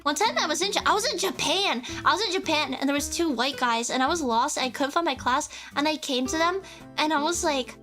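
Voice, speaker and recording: A woman's voice: high voice, fairly quick, bright, forceful tone, soft background music. A young woman from the United States streaming a casual chat, rambling and giggly, often cutting herself off mid-sentence. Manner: rambling, giggly, self-interrupting.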